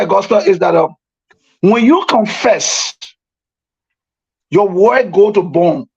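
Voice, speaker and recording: A pastor speaks over a dull, lo-fi phone line, his voice high and husky. He lays out his points one by one in a patient, preacherly way. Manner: explanatory, preacherly advice. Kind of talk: radio call-in discussion. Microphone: phone call.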